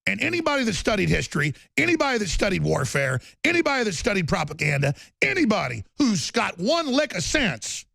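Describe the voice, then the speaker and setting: A man hosting a political talk show, delivering an angry rant with shouting and repeated lists. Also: sits high, creaky, no echo. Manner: ranting, often shouting, repetitive lists.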